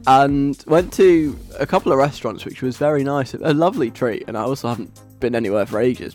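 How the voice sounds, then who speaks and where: Young guy on the radio, rambling and giggly, mid-pitched voice. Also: brisk, few pauses, a little mellow, soft background music. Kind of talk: casual radio chat.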